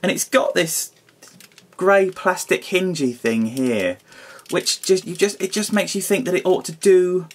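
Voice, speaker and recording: A man's voice: high-pitched, expressive, measured pace. A man giving a casual hands-on toy review, grumbling and exasperated, with mild swearing.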